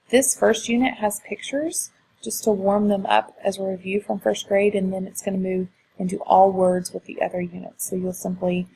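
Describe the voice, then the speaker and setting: A woman's voice: medium pitch, creaky, dark tone, slight background noise, low-quality recording. A woman teacher walking through her lesson slides, explaining how she uses them, with frequent fillers. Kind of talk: screen-recorded teaching walkthrough.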